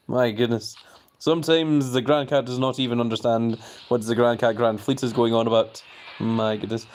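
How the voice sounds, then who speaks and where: A man's voice: medium pitch, fairly even intonation, moderate pace, darkish tone. Speelse man die chatberichten voorleest. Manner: reads viewer comments aloud and reacts with playful bafflement; jokingly formal, refers to himself in the third person. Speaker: live streamer reading chat. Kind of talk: casual live-stream chat.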